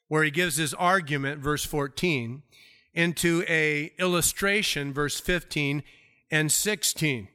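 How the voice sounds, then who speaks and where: A man preaching a casual, conversational verse-by-verse sermon, acting out little scenes and dropping to quiet asides before rising to emphatic points. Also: on the high side, clean tone. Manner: swings from hushed murmurs to raised emphatic peaks. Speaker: pastor. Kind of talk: expository sermon.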